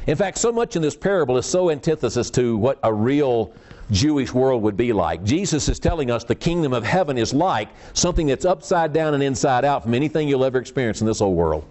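A man's voice: medium pitch, darkish tone. A man preaching a sermon, telling the story in a folksy way with frequent restarts and repeated words.

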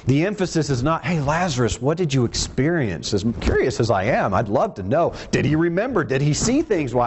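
A man's voice: mid-range voice, breathy edge. A man preaching a teaching sermon in a conversational way, acting out the quoted lines in voices of their own.

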